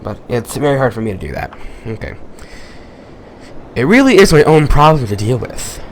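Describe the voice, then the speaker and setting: A man reading a visual novel aloud with commentary, haltingly, stumbling and restarting on words. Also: mid-range voice, very animated, slight background noise. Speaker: gaming YouTuber.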